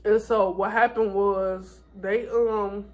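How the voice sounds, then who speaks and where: A woman's voice: mid-range voice, steady tone, takes it slowly, darkish tone. A tired young woman vlogging, telling her story in a candid, rambling way with many fillers and restarts. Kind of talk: casual storytime vlog.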